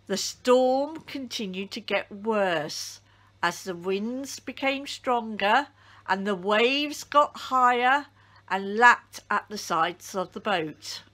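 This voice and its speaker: Slow expressive woman reading a story. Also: mid-range voice. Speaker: church storyteller. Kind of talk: children's Bible story reading.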